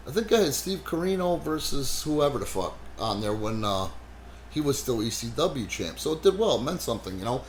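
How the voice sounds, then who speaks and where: Brash man, podcast host, swears freely, lively storyteller, slight noise under the voice. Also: mid-range voice, fairly quick. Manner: animated, swears heavily, frequent "you know". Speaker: wrestling promoter and podcast host. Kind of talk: casual profane podcast storytelling.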